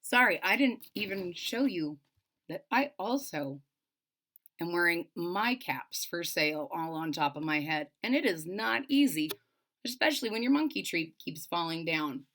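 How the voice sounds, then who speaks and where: A woman reading a children's storybook aloud, playful and expressive, with chatty asides to young listeners. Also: lowish voice, unhurried. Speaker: storybook reader.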